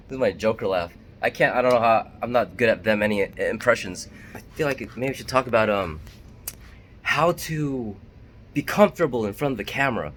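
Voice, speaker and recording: A man vlogging straight to his camera in an unhurried, candid ramble, poking fun at himself as he goes. His voice sits at an ordinary middle pitch, and a faint hiss runs underneath. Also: lively intonation, a bit bright. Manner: candid, chatty, self-deprecating. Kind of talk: casual talk to camera.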